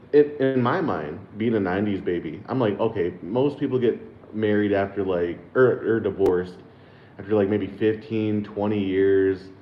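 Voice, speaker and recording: A man in his thirties from the United States, hosting a casual chat with viewers, rambling, swearing and laughing as he talks. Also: lowish voice. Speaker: channel host. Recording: roomy, dull sound with faint background noise.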